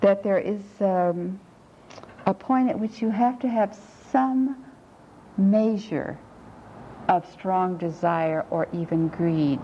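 A woman leading a reflective group discussion, speaking slowly and thoughtfully, halting and repeating words as she gathers her points. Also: mid-range voice. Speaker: discussion leader. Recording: muffled lo-fi tape with faint hiss.

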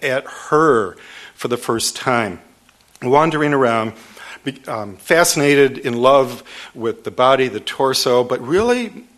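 Animated man telling an author's story. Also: medium pitch. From Detroit, USA. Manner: storytelling, animated with laughter, many restarts. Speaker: author giving a talk. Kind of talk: public book talk.

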